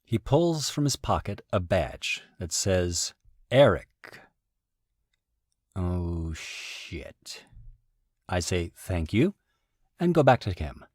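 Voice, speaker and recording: A man telling a story in a casual commentary, wry and animated, with sudden jumps in pitch. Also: a little slow, slightly rough, no echo, studio quality. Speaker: video essayist recounting events.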